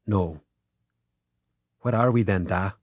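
A quiet, secretive Irish father speaks in short, low, hushed words, as a male audiobook reader puts him on. His voice sits low and a little husky, recorded dry and close with no room around it. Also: slow pace, no echo. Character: quiet, guarded Irish father, middle-aged man.

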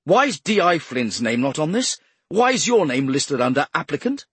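A man voicing an angry senior male detective who snarls and barks orders, in a husky voice. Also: on the high side, sing-song, normal speed, dry recording, pitched above the performer's own voice, heavily acted. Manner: barking and shouting.

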